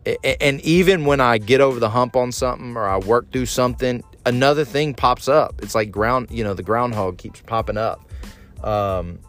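Over soft background music, a man in his thirties hosts a solo podcast, speaking at normal speed in a mid-range voice. He's frank and self-critical, now and then replaying his own angry outbursts.

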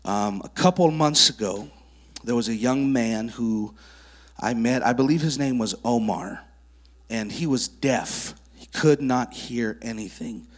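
A male preacher speaking to children in a church sanctuary. He tells his stories vividly and draws kids up on stage as volunteers. His voice sits at an ordinary middle pitch. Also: a little slow. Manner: animated storyteller who works with child volunteers. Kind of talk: sermon with testimony stories.

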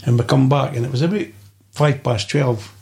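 A man's voice: mid-range voice, normal speed, gravelly, darkish tone. An older man with a Scottish accent, a podcast guest telling rambling stories and swearing freely. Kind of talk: anecdotal storytelling.

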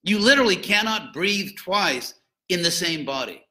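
A man's voice: sits high, animated, normal speed, pushed and bright, low-quality recording. A man giving an informal lecture on philosophy and religion, digressive and jokey, with frequent asides.

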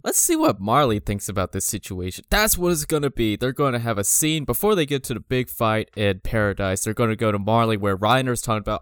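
A man's voice: on the low side, lively intonation, brisk, few pauses, fairly bright tone, clean tone, no room sound, studio quality. A man co-hosting a casual chat, laid-back and wry. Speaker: podcast co-host.

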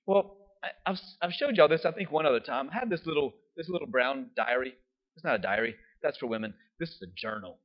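A man's voice: medium pitch, expressive, a little fast. A man preaching a sermon in a conversational way, often checking in with his listeners by asking "right?". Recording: dull lo-fi sound.

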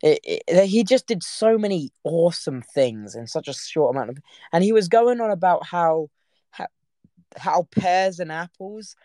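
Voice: mid-range voice, animated, measured pace, warm tone, dry recording. A young adult vlogger, telling a story to camera in a giggly, rambling way that trails off mid-sentence.

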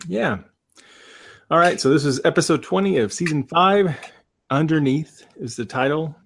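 A man co-hosting a podcast, summarizing an episode in a steady, plain way. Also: fairly high pitch, a little slow, vocal fry, a little hiss or hum. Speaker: podcast co-host. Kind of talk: casual episode recap.

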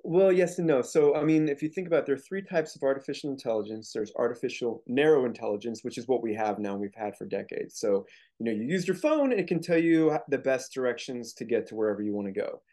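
A man's voice: mid-range voice, lively intonation, fast, mellow. A man speaking as a guest author in a casual interview, explaining his points earnestly with frequent restarts.

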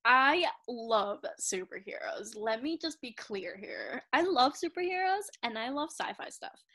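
A woman in her thirties chats casually as a co-host, a little high in pitch. She talks in an animated way, often laughs and acts out what people said. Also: measured pace. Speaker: podcast co-host. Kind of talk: casual chat.

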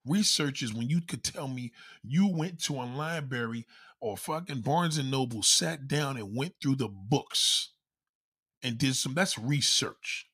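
Husky-voiced man on a swearing rant. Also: mid-range voice, unhurried. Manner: animated, swears constantly, acts out quoted voices. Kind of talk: profane comedic rant.

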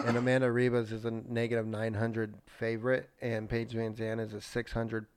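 A man's voice: medium pitch, completely flat delivery, moderate pace, very noisy. A man co-hosting a casual podcast, talking bluntly and swearing freely. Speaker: podcast co-host. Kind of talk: casual chat.

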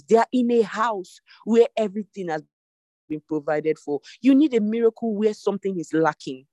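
A devotion leader preaches an online sermon over a video call. The voice sits at a middling pitch and repeats its exhortations with emphasis. The sound is dry, with no room echo. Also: warm tone.

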